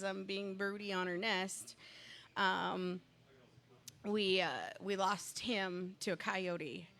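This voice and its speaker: A woman in casual conversation who tells a story in long, rambling runs and talks herself into excitement. Her voice sits at an ordinary middle pitch for a woman. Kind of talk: casual chat.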